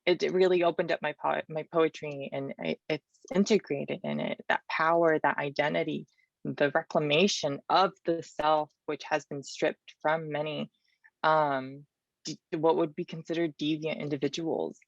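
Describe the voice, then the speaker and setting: A woman with a raspy voice, a poet and activist answering interview questions and reading her poetry over a video call, feeling for her words with frequent ums and restarts. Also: deep voice, steady tone, normal speed, no room sound. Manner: thoughtful, searching for words, many ums and restarts. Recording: dull, dry video-call audio.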